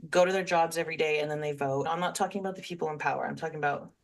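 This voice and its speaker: A woman's voice: sits low, fairly even intonation, rapid-fire. A woman guest on a podcast talking in a heartfelt, rambling way in casual conversation, with some swearing.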